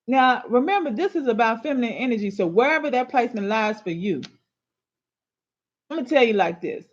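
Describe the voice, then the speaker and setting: A woman who hosts relationship and astrology advice talks a little fast in a slightly high voice with lively intonation. Sassy, emphatic and colloquial, she scolds her women listeners while giving casual advice, in a dull lo-fi recording.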